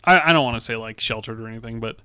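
Bright, crisp-voiced man swearing casually. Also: medium pitch, racing, no echo. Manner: profane, laughs loudly at his own stories. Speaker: podcast co-host. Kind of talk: casual chat.

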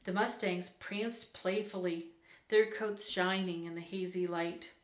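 A woman reading a children's book aloud, unhurried, now and then correcting a slip. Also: lowish voice, fairly even intonation. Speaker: reader. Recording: roomy echo.

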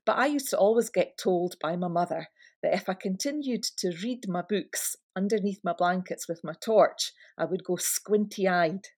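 A woman's voice: mid-range voice, moderate pace, darkish tone. A Scottish woman and tour guide co-hosting a podcast, chatting and explaining with enthusiasm. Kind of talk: casual podcast chat.

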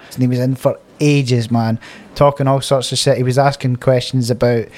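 A man's voice: mid-range voice, level tone, a little fast, few pauses, a little mellow. A Scottish man, a podcast co-host, telling stories in casual chat, laughing and swearing freely.

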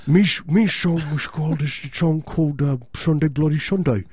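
A man's voice: a little high, moderate pace, darkish tone, slightly rough, no room sound, clean studio sound, pitched above the performer's own voice. A man doing a pompous rock star. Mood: mock-solemn. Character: impression of a famous Irish rock singer, man, self-important.

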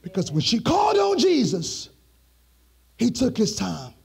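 A man's voice: very high voice, huge pitch swings, unhurried, vocal fry, husky. A male pastor preaching a sermon with a musical, sing-song delivery, repeating phrases for emphasis. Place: church streamed online.

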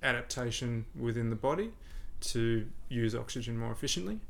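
A man, a podcast guest and breathing coach, explaining in a relaxed conversational way and often repeating words as he thinks. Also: mid-range voice, brisk, gravelly.

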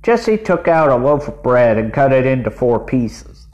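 A man reading a children's storybook aloud as narrator, in a measured way. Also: mid-range voice, big pitch swings, a little mellow, dull audio. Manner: measured, deliberate.

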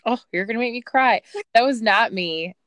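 A woman's voice: fairly high pitch, normal speed, crowd noise. A woman hosting a casual conversation, listening closely and agreeing often as she talks. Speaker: host.

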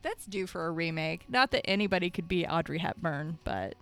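A woman from Michigan in casual chat as a podcast co-host, animated and playful, laughing often. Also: fairly low pitch, fairly quick, faint music behind. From Michigan, United States.

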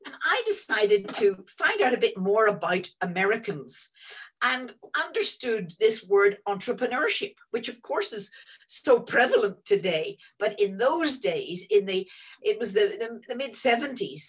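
A woman in her sixties, a guest telling students about her career in an animated, rambling way from home over a video call. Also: medium pitch, measured pace, breathy edge, low-quality recording. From Northern Ireland. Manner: animated and rambling, many restarts. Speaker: interview guest, energy executive. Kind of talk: reflective storytelling to students.

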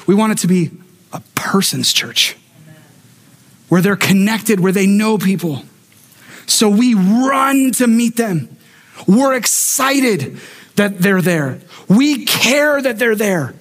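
A man preaching a sermon in a noticeably high voice for a man. He tells lively stories, throws in humorous asides to the congregation, and acts out the people he quotes. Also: unhurried. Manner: animated storyteller acting out quoted voices. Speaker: pastor.

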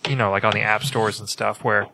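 A man's voice: fairly low pitch, little pitch movement, a little fast, gravelly, sharp tone, no room sound. A man co-hosting a casual podcast, explaining at length and often restarting his sentences. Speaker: podcast co-host.

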